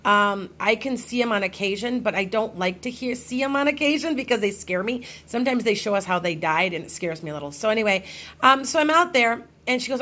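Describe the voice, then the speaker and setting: A woman's voice: a little high, lively intonation, a little fast, pushed and bright. A middle-aged woman, a psychic medium, telling a personal ghost story to her followers in a casual, rambling way with many restarts.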